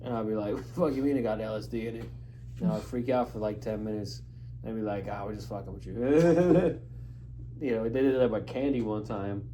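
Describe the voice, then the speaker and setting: A man in casual podcast chat, talking in a laid-back, low-key, profane way. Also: steady tone, brisk, warm tone, a little hiss or hum. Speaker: podcast co-talker.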